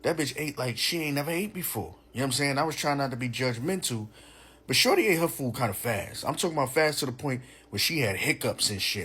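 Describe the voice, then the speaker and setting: A young man, telling a profane, animated personal story in a casual way. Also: mid-range voice, quick pace, husky. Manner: animated, profane, full of "you know what I'm saying".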